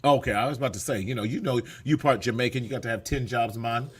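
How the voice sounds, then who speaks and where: A man hosting a casual online talk show, energetic and playful, with loud whoops and laughs. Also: medium pitch, fast, slightly rough. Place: California.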